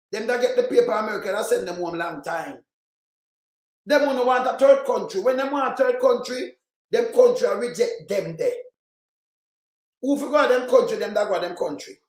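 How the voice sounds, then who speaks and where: High-voiced Jamaican man ranting. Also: darkish tone, reverberant. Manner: repetitive, emphatic, patois-heavy. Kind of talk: impassioned ranting commentary.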